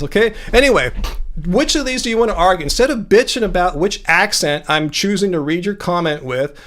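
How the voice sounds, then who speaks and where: A man's voice: sits high, lively intonation, fairly quick, fairly bright tone. A man hosting a livestream, confronting a commenter from chat and pressing him to make his point, speaking into a home desk mic. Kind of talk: casual live-stream debate.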